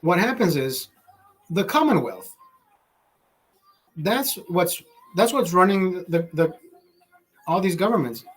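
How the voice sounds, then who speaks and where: A man's voice: high voice, lively intonation, slow pace, long pauses, slightly rough. Profane ranting man from Honduras. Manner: profane, ranting, switches between English and Spanish. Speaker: livestream host. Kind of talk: casual livestream chat. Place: Los Angeles, California.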